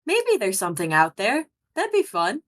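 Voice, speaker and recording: A laid-back young man talks in a loose, rambling way, full of fillers, as a woman puts him on in a tabletop game. His voice sits at a mid pitch and stays relaxed. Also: moderate pace. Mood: easygoing. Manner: casual, rambling, lots of fillers.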